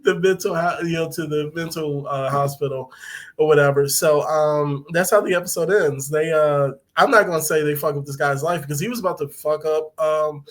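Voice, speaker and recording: A man's voice: fairly high pitch, normal speed. A man casually recapping a TV episode on a podcast, loose and profane, with lots of fillers and laughter.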